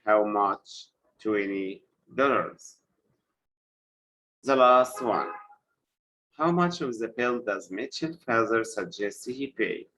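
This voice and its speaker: Slow, deliberate male teacher. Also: fairly low pitch, lively intonation, fairly bright tone, low-quality recording. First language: Arabic. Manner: repeats words slowly for students, switches between English and Arabic. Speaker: English teacher. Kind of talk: live online English lesson.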